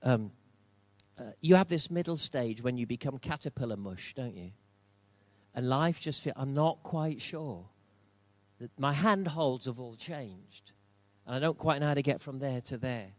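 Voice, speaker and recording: A man's voice: mid-range voice, animated, measured pace, dry recording. An older man preaching a sermon in church, emphatic and repeating key phrases for stress. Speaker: pastor.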